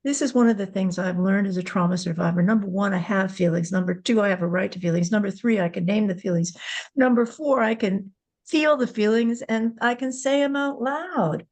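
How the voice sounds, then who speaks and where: An older woman talks candidly on her podcast, retelling an encounter. Her voice climbs sharply when she acts out what was said, and she drags words out for weight. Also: a little fast. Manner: animated, rising pitch when retelling dialogue. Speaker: podcast host. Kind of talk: candid personal storytelling.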